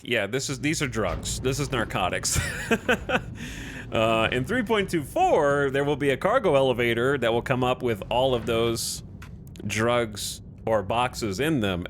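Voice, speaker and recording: A man's voice: mid-range voice, animated, a little slow, soft background music. A man streaming a video game, chatting casually with viewers in a rambling, jokey way and restarting his sentences often. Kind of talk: casual live-stream chat.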